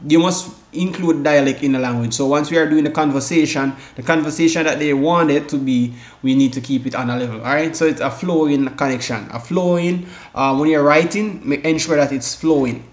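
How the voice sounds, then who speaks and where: A man from the Caribbean giving a casual exam-prep lesson, rambling with many restarts and fillers, often saying "guys" and "all right". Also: fairly high pitch. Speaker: exam tutor. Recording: echoey room.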